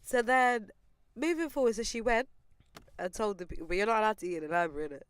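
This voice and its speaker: A young woman, telling a lively story on a casual podcast and acting out the people in it. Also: medium pitch, fast, smooth, no room sound. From England. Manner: animated, mimics people in her story. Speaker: podcast host.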